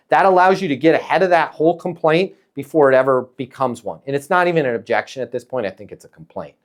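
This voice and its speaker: A man coaching a salesperson with emphatic, energetic talk, acting out little dialogues as he goes. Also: medium pitch, quick pace, few pauses. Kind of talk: coaching a caller in a sales session.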